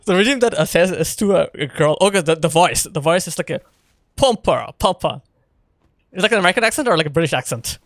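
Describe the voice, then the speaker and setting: A playful man chats casually with his viewers while he plays a game, often breaking into laughter. His voice sits a little high for a man, and the sound is close and dry with no room behind it. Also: expressive, quick pace, dry recording. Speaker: streamer. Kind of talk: casual live gameplay chat.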